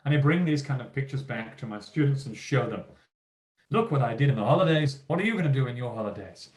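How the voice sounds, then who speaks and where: Guy giving a keynote to teachers, super lively up and down voice, acts out the kids, echoey room. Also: medium pitch, fast talker. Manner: lively, emphatic, acts out quoted teachers and children. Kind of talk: motivational keynote talk.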